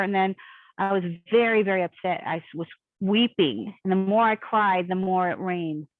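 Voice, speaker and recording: A woman's voice: mid-range voice, no echo. Woman on a tinny, dry call line. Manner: animated storyteller, acts out quoted voices. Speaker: guest. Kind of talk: casual storytelling interview.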